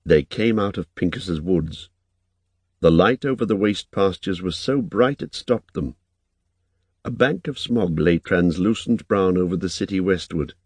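A man narrating an audiobook in a measured, even reading. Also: low-pitched, breathy edge, no echo.

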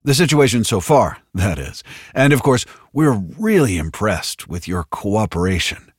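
A man voicing a slick, overconfident corporate spokesman with a smooth news-anchor cadence. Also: lowish voice, sing-song, measured pace, dry recording, clean studio sound, pitched above the performer's own voice, heavily acted. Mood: hearty.

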